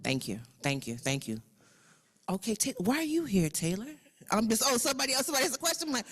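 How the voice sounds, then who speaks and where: A woman with a Southern US accent leading a workshop, animated and repeating herself, calling out the audience. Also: a little high, fast talker. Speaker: workshop facilitator. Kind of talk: energetic workshop facilitation. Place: conference room with audience.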